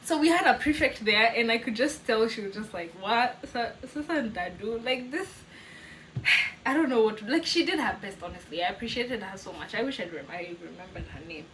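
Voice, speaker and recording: A young woman with a Kenyan accent telling a story in a casual vlog, animated, laughing often and slipping in Swahili words. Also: on the high side, fairly quick, a little hiss or hum, poor audio. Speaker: vlogger.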